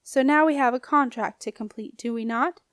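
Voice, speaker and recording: A woman's voice: fairly high pitch, a little fast, no room sound, studio quality, lightly acted. A woman reading an audiobook, voicing a scornful, menacing old male ghost with a snappish, growling manner. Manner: sneering, bullying.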